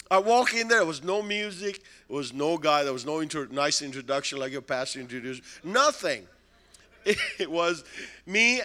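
A preacher with a high, piercing voice tells his sermon as a lively story. He talks in broken-English phrasing and chuckles between lines. His tone is bright and sharp.

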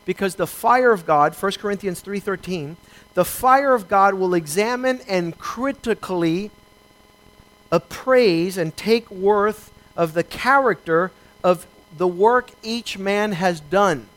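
A man pastor preaching a sermon, reading scripture and acting out short exchanges with emphatic slowdowns. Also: sits high, a bit bright, poor audio.

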